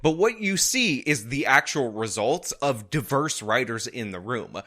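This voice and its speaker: A man talks in a bright, clear voice that swings widely up and down. He mocks and jabs his way through casual commentary. His tone stays sarcastic throughout. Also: mid-range voice, sing-song, unhurried. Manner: sarcastic, mocking. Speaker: online political commentator.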